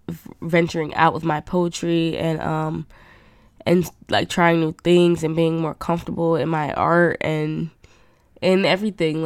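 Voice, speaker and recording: A woman's voice: sits low, no echo, clean studio sound. A young adult woman hosting her own podcast, chatting candidly in a rambling way with lots of fillers. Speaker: podcast host. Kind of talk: casual solo podcast chat.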